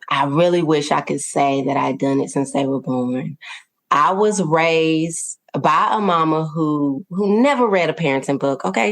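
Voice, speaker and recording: A woman with a low voice, talking as a podcast guest. She tells her story earnestly and warmly, laughing now and then and tossing in quick "okay?" and "right?" check-ins. Her delivery stays conversational and open. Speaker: podcast guest, parenting coach.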